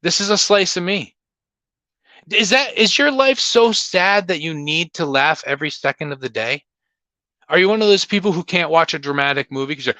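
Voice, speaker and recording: A man hosting a casual livestream Q&A, blunt and opinionated as he rambles from point to point. His voice sits a bit high and swings widely in pitch, with a bright, forceful edge. The recording is dry and close. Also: expressive, fairly quick, no room sound. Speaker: livestream host.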